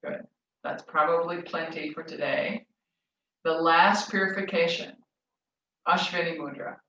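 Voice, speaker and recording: A woman leading a yoga class, giving gentle, soothing instructions. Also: deep voice, steady tone, unhurried, slight background noise. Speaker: yoga teacher. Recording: roomy, distant, dull lo-fi.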